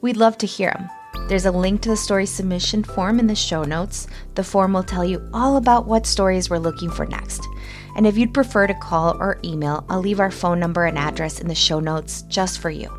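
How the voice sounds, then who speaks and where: A woman hosts the show and asks warm questions, then wraps up by encouraging her listeners. Music plays clearly behind her voice. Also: on the low side, normal speed. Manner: friendly, encouraging interviewer. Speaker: podcast host. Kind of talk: hosted interview and narration.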